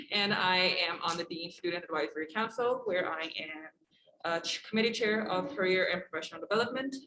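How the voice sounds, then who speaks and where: A woman's voice: on the low side, a bit bright, slight background noise. A young woman, a student peer mentor, introducing herself on a panel in a bubbly, enthusiastic way. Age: young adult. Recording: echoey room.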